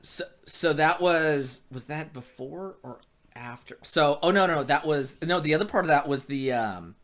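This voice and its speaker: A man with a fairly high voice, speaking at normal speed, works as a private investigator and tells a long story in casual conversation. He's animated, acting out the quoted dialogue and restarting often.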